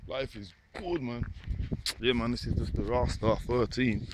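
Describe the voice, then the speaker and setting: A man's voice: medium pitch, fairly even intonation, unhurried. Guy rambling chill to the birds outside, mid voice, noisy phone audio. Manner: laid-back, repetitive, talks to the birds. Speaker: vlogger. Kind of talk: casual chat to camera. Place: outdoors by a lake. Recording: noisy outdoor phone recording.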